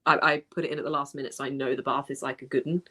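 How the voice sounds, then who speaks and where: A woman's voice: rumbling low, rapid-fire, husky. A woman co-hosting a livestream, telling a funny story in casual chat and laughing often. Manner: lively anecdotes broken by frequent laughter. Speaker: livestream co-host.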